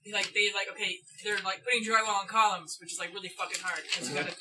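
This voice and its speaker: A woman spins a rambling, profane story in casual chat. She sounds a little distant from the mic, with steady noise in the background. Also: mid-range voice, quick pace. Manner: loose, profane, rambling anecdotes. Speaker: player. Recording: distant mic, noisy room.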